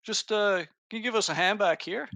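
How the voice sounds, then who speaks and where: A gruff Cockney cult worker, as a game master puts him on, with a gravelly, sharp edge to every word. He sounds like a rough tabletop game henchman, calling everyone mate. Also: high-pitched, a little fast, voice pushed up, heavily acted. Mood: chummy.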